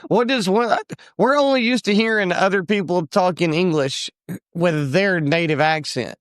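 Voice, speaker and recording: An American man co-hosts a podcast, chatting casually as he rambles through his ideas and keeps restarting his thoughts. His voice sits high and moves at a normal speed. The studio-quality recording has no echo.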